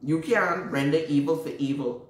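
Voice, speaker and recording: A woman's voice: sits low, moderate pace. A woman, a prophetess preaching emphatically to viewers, repeating herself and citing scripture. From Bahamas. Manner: emphatic and repetitive, cites scripture. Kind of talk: preaching, answering viewer questions. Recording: roomy, distant mic.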